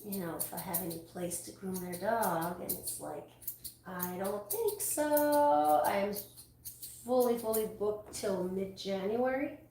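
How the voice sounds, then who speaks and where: A woman's voice: medium pitch, measured pace, mellow. Chatty woman in an echoey salon. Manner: rambling, chatty, full of restarts. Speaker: dog groomer. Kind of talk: casual chat while working. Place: grooming salon. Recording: echoey room, distant mic, faint noise.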